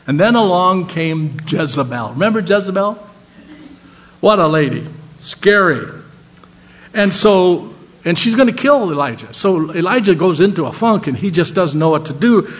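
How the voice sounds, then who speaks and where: An older man preaching a sermon, telling stories and swinging between animated lines and soft, low ones. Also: moderate pace. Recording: dull lo-fi sound.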